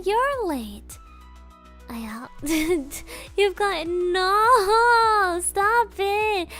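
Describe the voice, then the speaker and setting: A woman's voice: high voice, big pitch swings, very slow, a bit bright, soft background music. A young woman streamer chatting casually with her viewers, playful and teasing, often putting on mock offense.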